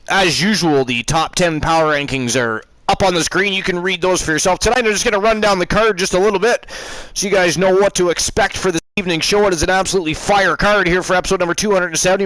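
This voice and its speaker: A man with a high voice hosts a laid-back stream, rattling through the night's matches in quick, hyped-up announcer patter. His voice sounds dry and close, with no room around it. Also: a bit bright, no room sound, poor audio. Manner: hype-driven, quick wrestling announcer patter. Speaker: show host. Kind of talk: casual livestream chat and card rundown.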